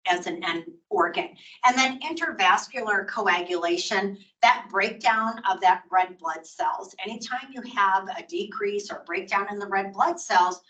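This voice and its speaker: A woman's voice: fairly low pitch, bright, forceful tone, recorded from a distance, rough recording. An older woman teaching a continuing-education nursing lecture in a conversational way, acting out short patient quotes as she explains.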